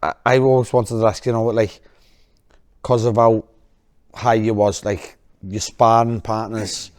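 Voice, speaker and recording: Rambling low-voiced co-host. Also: male voice, level tone, unhurried, a little mellow. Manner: rambling, heavy on fillers like "like". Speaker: podcast co-host. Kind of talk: casual interview chat.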